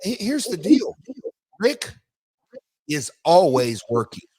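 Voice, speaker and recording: A man, co-hosting a podcast, telling animated stories and repeating himself as he goes. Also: a little high, slow pace, husky, no room sound. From United States. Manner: animated storytelling, rambling with restarts. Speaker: podcast co-host, former wrestler. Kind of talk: casual podcast chat.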